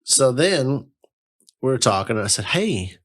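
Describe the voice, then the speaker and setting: A man hosting a podcast, telling an animated, profane story full of "like". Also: medium pitch, moderate pace. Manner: animated, profane, heavy use of "like". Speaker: podcast host. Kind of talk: casual storytelling chat.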